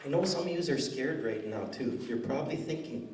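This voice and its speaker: A man's voice: medium pitch, expressive, fairly quick, a little mellow. A man doing stand-up comedy in a school hall, rambling and self-mocking, often laughing at his own jokes. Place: school hall with a live audience. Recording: roomy hall audio from a distance.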